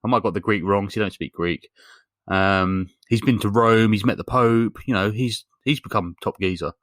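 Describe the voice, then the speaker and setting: Low-voiced man rambling through a recap. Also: normal speed, fairly bright tone, no echo. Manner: rambling storyteller with lots of fillers and swearing. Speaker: podcast co-host. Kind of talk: casual comedic film recap.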